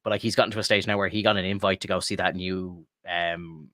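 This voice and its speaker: A man's voice: low-pitched, steady tone, fast, sharp tone, no echo, studio quality. An Irish man co-hosting a podcast, telling rambling stories from his home room and swearing freely in casual chat. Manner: rambling storyteller, swears freely, says "like" a lot. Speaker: podcast co-host.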